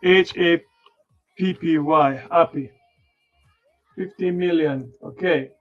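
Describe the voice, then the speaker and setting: A man hosting a trading livestream, muttering to himself as he sets up his screen, tired and yawning, with sudden loud playful bursts. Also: on the high side, takes it slowly. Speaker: livestream stock trading host. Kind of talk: rambling livestream chatter. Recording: dull lo-fi sound with faint music.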